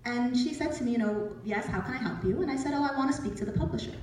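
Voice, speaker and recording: A woman in her forties giving a storytelling talk as an author, lively and acting out the voices she quotes. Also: fairly high pitch, quick pace, slight background noise. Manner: lively, acts out quoted voices, laughs often. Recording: echoey hall, speaker from far off.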